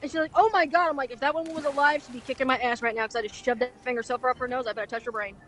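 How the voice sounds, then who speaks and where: A woman's voice: a little high, fairly even intonation, very fast, fairly bright tone, a little hiss or hum. A woman streaming and chatting, telling blunt, crude stories about her old job. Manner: blunt, crude, laughing at her own story. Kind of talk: casual storytelling chat.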